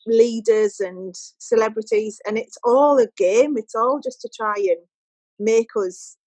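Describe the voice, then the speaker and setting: A woman, a podcast guest telling a story in casual chat and quoting people in lively voices. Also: on the high side, measured pace, no room sound, rough recording.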